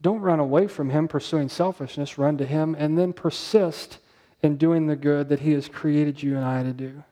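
A male pastor preaching a sermon in a conversational way, asking the congregation rhetorical questions and slowing down to stress key words. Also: fairly high pitch, fairly even intonation, warm tone.

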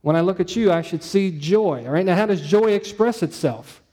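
Male pastor, easygoing sermon delivery, slightly high, warm tone. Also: moderate pace. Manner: conversational, storytelling, frequent "um" and "right?".

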